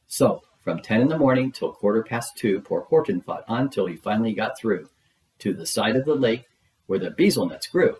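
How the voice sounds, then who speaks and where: Low-voiced guy reading a rhyming kids book out loud, bouncy rhythm. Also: expressive, normal speed, low-quality recording. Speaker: storyteller. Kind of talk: storybook read-aloud.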